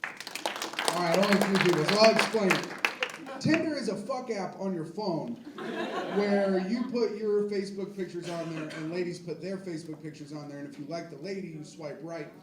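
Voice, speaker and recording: A man's voice: high-pitched, moderate pace, far from the mic, heavy background noise. A man in his twenties doing a crude, self-deprecating stand-up set with rambling asides to the crowd, on a comedy club stage. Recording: echoey club miked from afar, loud crowd.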